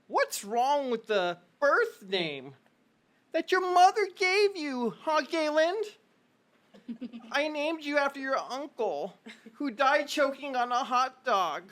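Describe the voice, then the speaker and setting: A woman's voice: high-pitched, very animated, takes it slowly, fairly bright tone, voice pushed up, heavily acted. A woman voicing a bossy, nagging older mother who scolds and drops Yiddish words. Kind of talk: tabletop role-play voice.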